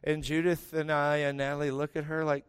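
A middle-aged man preaching, telling funny family stories with quick self-deprecating asides. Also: fairly high pitch, completely flat delivery, smooth, no room sound, clean studio sound. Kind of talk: humorous sermon storytelling.

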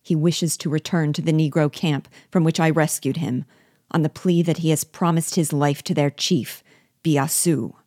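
A woman reading the part of a passionate young man, loyal and quick to anger, with urgent, indignant questions. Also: sits low, steady tone, a little mellow, husky, no room sound, studio quality.

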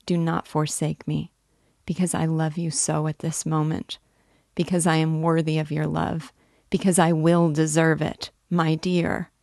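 A tender young woman pours out a remorseful, imploring plea, as a female reader gives her voice. The tone stays low and even, unhurried, with a gravelly edge. It sounds close and dry. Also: dry recording. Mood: pleading. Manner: soft, earnest, imploring.

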